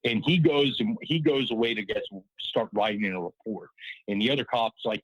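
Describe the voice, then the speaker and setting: A man's voice: mid-range voice, brisk, fairly bright tone, slightly rough, no echo, lo-fi sound. A man calling in to a podcast, telling a long story in a rambling way, full of fillers and quoted exchanges. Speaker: caller. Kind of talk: casual storytelling on a call-in show.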